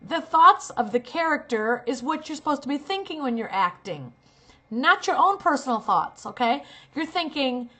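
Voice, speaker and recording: Her voice sits high, swings widely in pitch, and sounds bright and forceful at a normal speed. This middle-aged woman, an acting coach and talent manager, teaches a casual lesson, demonstrating lines that move from earnest to sarcastic.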